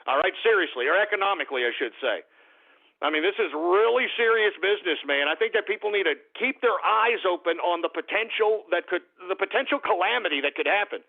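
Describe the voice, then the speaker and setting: A man's voice: high voice, expressive, fast, vocal fry. A man hosting a talk radio show, ranting in a heated, profane way and stumbling over repeated words. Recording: narrow phone-like radio audio.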